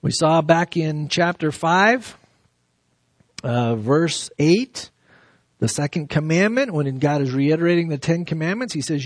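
A man preaching a verse-by-verse sermon, reading scripture slowly and then explaining it with lively emphasis. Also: a little high, no echo, studio quality. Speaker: pastor. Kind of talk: expository sermon.

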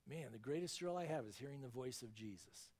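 A man preaching a verse-by-verse sermon, fervent and emphatic, his voice jumping up in loud peaks. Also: medium pitch, expressive, a little fast. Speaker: pastor.

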